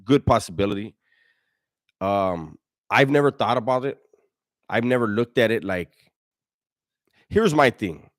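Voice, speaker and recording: A middle-aged man hosts a loose, casual livestream, swearing freely and piling on street slang as he tells stories and answers viewers. His voice sits on the low side, and the sound is close and dry with no room echo. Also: lively intonation, a little slow, pauses often. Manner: profane, slang-heavy storytelling, frequent restarts. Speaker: livestream host. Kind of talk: casual livestream chat reading viewer donations and comments.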